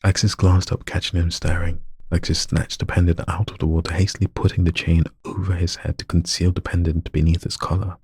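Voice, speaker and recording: A man's voice: deep voice, level tone, fairly quick, hardly any pauses, darkish tone, husky, no room sound. A man reading a story aloud, stumbling over lines, retaking them and joking with himself. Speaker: story narrator.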